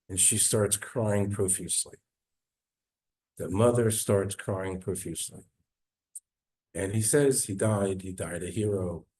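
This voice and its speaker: A man, a rabbi, giving an earnest storytelling sermon in a synagogue, dropping low and soft at sad moments.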